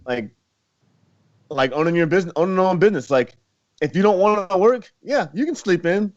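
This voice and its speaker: This casual interview chat features a young man, once a college wrestler, speaking in a high voice at a slightly fast clip. Easygoing and quick to laugh, he leans on "you know" and "like," and the audio is muffled and lo-fi.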